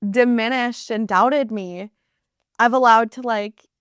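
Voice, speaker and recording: A woman in her thirties hosting a reflective solo podcast, speaking earnestly and warmly about her life with gentle laughs. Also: fairly high pitch, steady tone, slow, smooth, no room sound, studio quality. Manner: earnest and heartfelt, with soft laughs. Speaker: podcast host.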